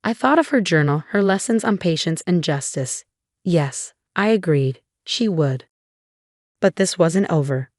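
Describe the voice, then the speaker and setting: A woman reading a scripted first-person story in an even, measured way. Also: fairly low pitch, no room sound, studio quality.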